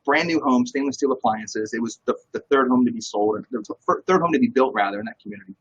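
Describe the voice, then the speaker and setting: A man's voice: mid-range voice, fast talker, breathy edge, dull audio. A man, a real estate broker, talking as a guest in a casual interview and telling stories with lots of energy. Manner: energetic, animated storyteller.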